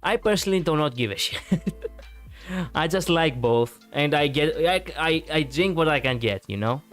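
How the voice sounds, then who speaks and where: A man's voice: fairly high pitch, animated, moderate pace, fairly bright tone, soft background music. A man chatting casually on a live stream, rambling and reacting to viewers with many fillers.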